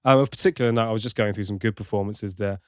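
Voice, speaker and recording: A man's voice: on the low side, fairly even intonation, racing, no room sound. Wry man reviewing films, dry sound. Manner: opinionated, wry, talks through asides. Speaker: film review podcast host. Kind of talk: casual film review chat.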